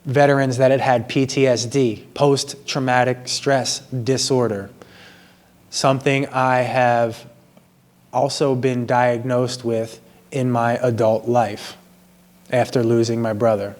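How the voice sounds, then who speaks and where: A man in an earnest, apologetic personal monologue, speaking slowly and in a measured way, recorded in a gym. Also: medium pitch, little pitch movement, a little mellow. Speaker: vlogger sharing personal confessions.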